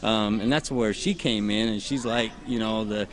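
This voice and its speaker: A man in his forties, an interview guest, telling his story in a halting, emotional way with laughs. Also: on the low side, steady tone, soft background music. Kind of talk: casual emotional testimony. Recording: outdoors with a crowd behind.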